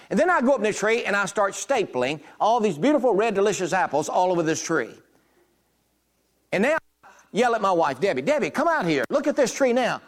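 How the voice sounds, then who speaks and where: A man's voice: high-pitched, fairly bright tone. A middle-aged man preaching a sermon, telling homely stories and acting out the dialogue in them. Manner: folksy storytelling, acts out quoted dialogue. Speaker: pastor.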